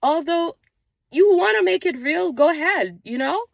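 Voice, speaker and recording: A woman's voice: very high voice, animated, moderate pace, vocal fry, no room sound. A woman host giving an earnest spiritual motivational talk, with an accent she mentions herself and a repetitive, preaching rhythm, recorded outdoors on a walk. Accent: non-native English accent, origin unstated. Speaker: manifestation channel host.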